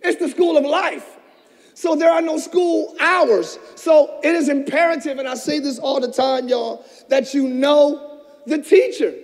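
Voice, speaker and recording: Very high-voiced man preaching in a hall. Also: measured pace. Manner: passionate preaching, swinging between shouted peaks and hushed asides. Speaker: pastor. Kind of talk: sermon. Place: church. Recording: long church reverb.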